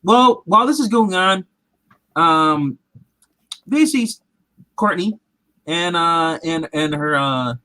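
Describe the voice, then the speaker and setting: A man's voice: fairly high pitch, lively intonation, slow pace, pauses often, sharp tone, no room sound, low-quality recording. A man recapping a show in casual, rambling chat, acting out quotes in different voices. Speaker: comic show recap host.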